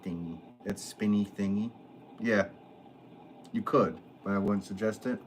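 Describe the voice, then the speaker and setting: Brief: man with a lowish voice, a potter joking around with his live chat from the studio. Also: unhurried, faint music behind. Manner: playful, joking, answers chat. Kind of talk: casual livestream chat.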